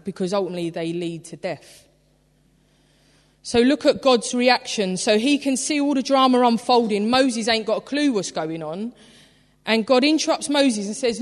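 Woman pastor, lively conversational sermon, recorded with long hall reverb. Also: mid-range voice, normal speed. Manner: chatty, animated storytelling with frequent "like". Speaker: preacher. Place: church.

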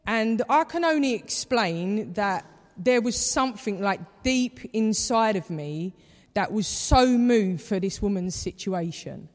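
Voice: mid-range voice, expressive, takes it slowly. Preacher in a reverberant hall. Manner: conversational storytelling, acts out quoted voices. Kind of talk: sermon. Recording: long reverb of a large hall.

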